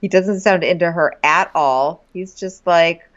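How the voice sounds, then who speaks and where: A woman's voice: on the low side, measured pace, dull audio. A woman co-hosting a comedic recap podcast, joking in a wry, dry manner. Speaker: podcast co-host.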